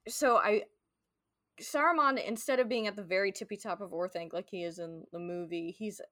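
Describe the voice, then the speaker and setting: A woman's voice: mid-range voice, moderate pace, fairly bright tone, dry recording. Chatty woman podcast host, dry sound. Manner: chatty, heavy on "like" fillers, paraphrases characters playfully. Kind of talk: casual chat.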